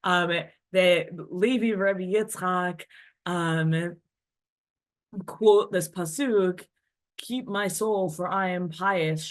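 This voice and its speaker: A woman teaching a class on classical texts, reading passages aloud and translating them in a chatty, animated way. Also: on the low side. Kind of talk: text study class.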